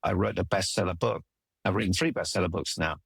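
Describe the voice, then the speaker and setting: A man's voice: low-pitched, quick pace, vocal fry, husky, dry recording. A middle-aged man, a relationship coach, telling personal stories in an earnest, emphatic way with frequent restarts. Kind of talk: conversational storytelling interview.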